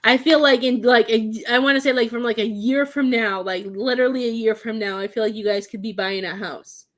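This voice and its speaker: A woman's voice: on the high side, fairly even intonation, a little fast. A young adult woman, a psychic medium, giving readings on a live stream from home, talking in a gushing, emotional way with many restarts.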